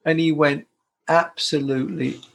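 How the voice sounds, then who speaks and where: An older man from the United Kingdom tells stories about his career as a guitarist. His voice sits slightly high for a man, and he talks in a warm, rambling way, often stopping to restart a sentence. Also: steady tone, a little slow, creaky. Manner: warm, chatty, with frequent restarts. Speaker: guitarist and performer, interview guest. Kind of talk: casual anecdotal storytelling.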